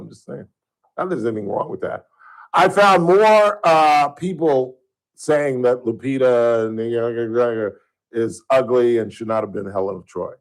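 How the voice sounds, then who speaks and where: A man's voice: medium pitch, normal speed, low-quality recording. A man hosting a talk radio show, rambling casually and chuckling at his own jokes into a studio microphone.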